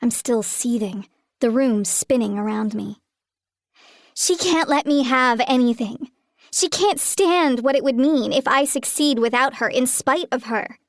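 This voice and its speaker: A woman's voice: sits high, measured pace, no room sound, studio quality. A woman narrating a first-person audiobook in a tense, agitated manner.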